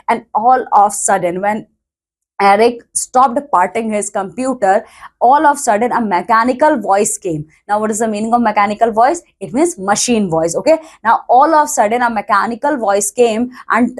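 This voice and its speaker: A woman with an Indian English accent teaching an English lesson, reading a textbook story aloud and then explaining each line in simpler words with many "okay"s. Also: a little high. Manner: reads a line then paraphrases it, with frequent "okay"s.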